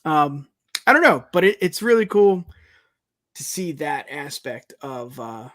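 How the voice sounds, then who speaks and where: A man's voice: fairly high pitch, sing-song, a little slow, a bit bright, no room sound, clean studio sound. A man co-hosting a casual wrestling podcast, chatty and leaning on filler phrases. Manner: chatty, leans on filler like "you know" and "it's just like". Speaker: podcast co-host.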